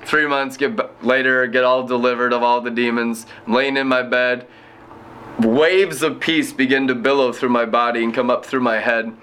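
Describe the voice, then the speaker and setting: A man in his thirties, an inner-city missionary, telling his personal faith testimony in an animated way and often laughing. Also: medium pitch, a little hiss or hum.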